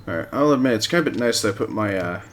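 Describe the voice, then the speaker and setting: A man's voice: lowish voice, lively intonation, racing. A man streaming a hunting game live, giving casual gameplay commentary with rambling, self-mocking asides.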